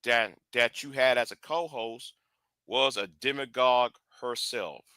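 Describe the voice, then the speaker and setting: A man's voice: mid-range voice, measured pace, sharp tone, smooth, no room sound, clean studio sound. A man hosting a live stream, speaking bluntly and confrontationally, often restarting and repeating words.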